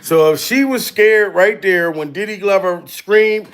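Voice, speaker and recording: High-voiced guy doing livestream commentary, loud and cussing, cracking up constantly. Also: moderate pace, hardly any pauses. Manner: loud, profane, laughing, mocking. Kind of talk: live-stream commentary.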